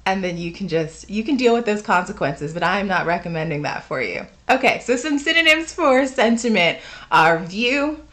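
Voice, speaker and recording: A woman's voice: medium pitch, lively intonation, moderate pace, fairly bright tone. A woman from the United States, a teacher, explaining the meaning of a word in a chatty, conversational way with fillers and asides. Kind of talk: unscripted casual explanation to camera.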